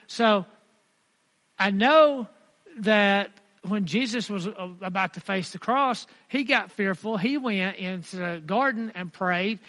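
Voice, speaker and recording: High-voiced man preaching in a reverberant hall. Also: measured pace, fairly bright tone. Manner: earnest, repeats phrases, reads scripture aloud. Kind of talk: sermon.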